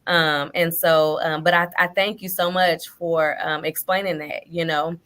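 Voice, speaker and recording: A woman's voice: sits low, fairly even intonation, a little slow, a bit bright. A woman guest author speaking over a video call in a casual interview. She talks hesitantly, with many fillers and "you know"s.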